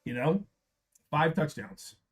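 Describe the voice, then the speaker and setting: A man hosting a live card-break stream, repeating prices and hyping the product in an upbeat sales pitch. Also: expressive, takes it slowly, soft background music. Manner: upbeat, repetitive hype.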